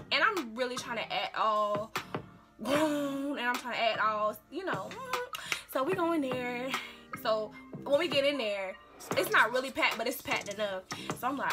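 Animated young woman telling a storytime. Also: a little high. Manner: animated, acts out her own and others' quotes, laughs often. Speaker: vlogger. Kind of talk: casual storytime. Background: loud music.

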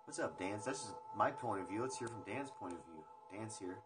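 A man's voice: lowish voice, animated, a little fast. A young man hosting a casual livestream, chatting loosely with viewers and rambling between topics with the odd swear word. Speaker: livestream host. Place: indoors at home. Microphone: phone livestream. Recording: music playing in the background.

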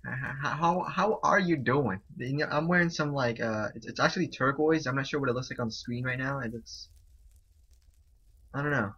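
A young man chatting excitably and repeating himself as he gives casual commentary on a game he is playing. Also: medium pitch, fairly quick, slightly rough. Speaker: gaming YouTuber. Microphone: desk mic, no headset. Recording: dull lo-fi home recording.

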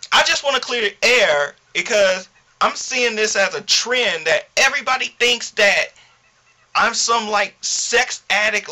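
A man ranting indignantly to his camera in a vlog, animated and full of slang. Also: high voice. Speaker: vlogger.

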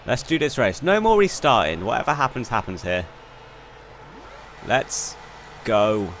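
A young man commentating on his own racing game run, excitable and quick to swear in frustration. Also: mid-range voice. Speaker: gaming YouTuber. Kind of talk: gameplay commentary. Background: faint game car engine noise.

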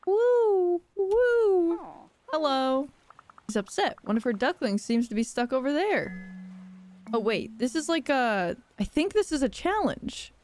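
A young woman live-streaming a game playthrough, playful and giggly, reacting out loud. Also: a little high, big pitch swings, normal speed, slight background noise.

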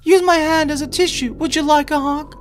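A gamer voicing a young, kind-hearted girl while reading game dialogue aloud, with a high, sweet, tender voice. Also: fairly even intonation, brisk, slight background noise, natural voice.

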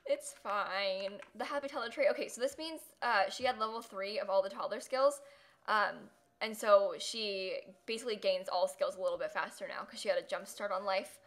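A young woman streaming a life-sim game, chatting casually with viewers, giggling often and quick to dramatic outbursts. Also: medium pitch. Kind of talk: live gameplay commentary.

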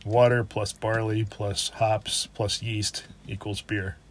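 A man's voice: fairly low pitch, flat delivery, takes it slowly. A man co-hosting a brewery review, chatting in a laid-back way and laughing often as he talks. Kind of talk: casual chat.

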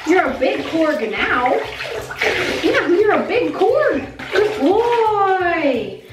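High-voiced bubbly woman vlogging. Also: sing-song, extremely slow, background noise. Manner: bubbly, coos at her puppy. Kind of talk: casual vlog chat.

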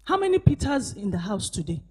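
A woman pastor preaches at a church service in a husky, medium-pitched, sing-song voice at a brisk pace. She shifts between shouted emphasis and hushed asides, calling on the congregation to respond.

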